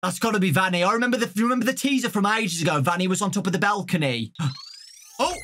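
A young British man giving excitable let's-play commentary, often shouting and exclaiming. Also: high voice, quick pace, a little hiss or hum. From Britain. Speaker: gaming YouTuber.

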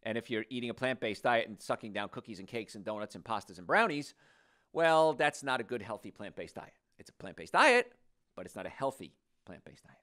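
Lively older man hosting a health show. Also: fairly low pitch. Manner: animated, joking, folksy storytelling. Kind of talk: talk-show health monologue.

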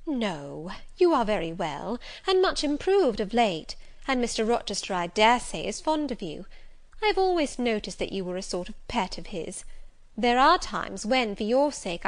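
A woman's voice: on the high side, close to an everyday voice. A woman voicing a cautious, worried older widowed housekeeper who warns and reproves in an audiobook reading.

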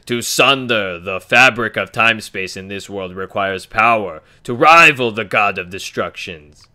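A man voicing a lordly male god of destruction from a video game, reading in a low, measured, grave way. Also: pushed and bright.

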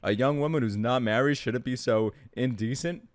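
A young man casually reacting to an anime, excitable, laughing and swearing, with loud bursts. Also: mid-range voice, moderate pace.

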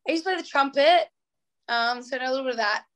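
A woman's voice: high-pitched, racing, fairly bright tone. A young woman from Australia with an Australian accent, chatting as a singer guest in an interview, bubbly and full of fillers. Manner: bubbly, many fillers, acts out quotes. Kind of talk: casual interview chat.

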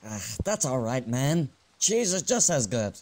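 A man voicing an easygoing young friend with a casual, rambling way of talking in an animated comedy. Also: mid-range voice, measured pace. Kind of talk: amateur animated comedy voice acting.

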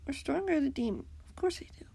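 Brief: kind, reassuring young woman in a storybook, read by a woman, higher, lively pitch. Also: fast, gravelly. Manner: gentle and reassuring. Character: gentle, caring young woman.

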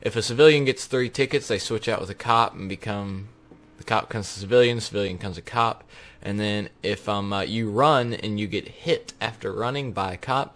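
A man's voice: lowish voice, fairly bright tone. A young man hosting a casual gaming video, rambling with lots of ums and uhs and laughing easily. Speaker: gaming YouTuber host.

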